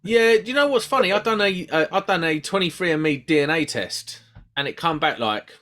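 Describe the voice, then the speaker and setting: A man's voice: a little high, lively intonation, a little fast, fairly bright tone. A man hosting a trade podcast in chatty, joking banter. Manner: chatty, banter-filled, rambling with restarts. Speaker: podcast host. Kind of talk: casual podcast chat.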